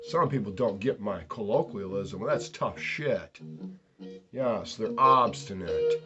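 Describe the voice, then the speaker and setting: A man hosting his own show in a rambling, provocative solo monologue, mocking himself, drawing out words and jumping suddenly in loudness. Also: medium pitch. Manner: provocative, ranting, self-mocking. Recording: lo-fi recording with guitar music behind. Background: plucked guitar music.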